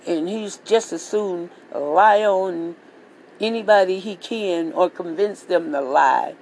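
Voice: mid-range voice, slow pace, a little mellow, a little hiss or hum, rough recording. A vlogger delivering a heated political rant monologue, swearing freely and repeating phrases for emphasis. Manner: profane, repetitive, heated ranting.

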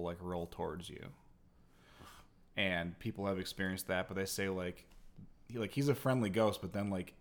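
A man casually retelling a story to a co-host, rambling with lots of fillers. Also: low voice. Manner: rambling, heavy use of "like". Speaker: podcast co-host.

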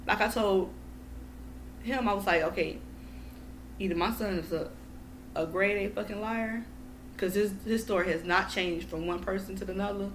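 A woman's voice: medium pitch, moderate pace, long pauses, slight background noise. A woman guest on a podcast in casual chat, telling a story in a heated, profane way.

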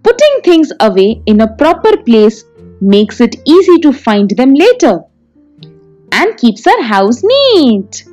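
A woman reads a children's story at an unhurried pace, her fairly high voice rising and falling with lively expression. Soft music plays faintly underneath. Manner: slow, clear, sing-song.

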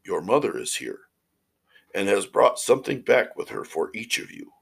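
A man voicing a rough-voiced wolf who tries to trick young goats in a fairy tale. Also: on the low side, very animated, normal speed, a bit bright, full character voice. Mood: coaxing.

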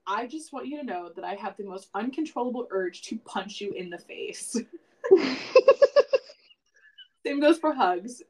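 A woman's voice: medium pitch, expressive, normal speed, darkish tone, low-quality recording. A woman co-hosting a casual podcast, talking animatedly, laughing often and swearing. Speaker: podcast co-host.

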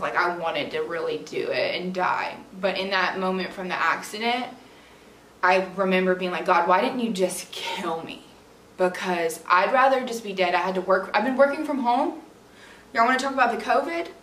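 A woman in her twenties with a medium-pitched, slightly bright voice hosts a podcast, telling a personal story in a candid, chatty way packed with "like" and "literally." She's recorded at home, some distance from a camera mic, so the room sounds echoey with a faint hiss.

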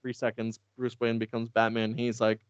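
A man's voice: medium pitch, monotone, moderate pace, clear, resonant tone, no echo, muffled recording. A man in casual comedic chat, retelling a show with frequent laughs and swearing. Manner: laughs often, swears, acts out characters' lines.

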